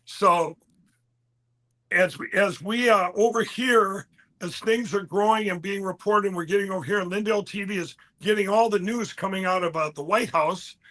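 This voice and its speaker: A man with a high voice tells a story as an interview guest. His tone is bright and forceful, and he rambles animatedly, breaking off to quote others and restarting his sentences. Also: normal speed.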